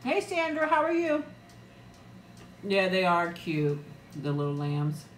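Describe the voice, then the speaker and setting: A woman's voice: fairly low pitch, very animated, slow, echoey room, slight background noise. A middle-aged woman chatting casually on a live eating stream, greeting viewers by name and laughing often. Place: room at home. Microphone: new external mic, close.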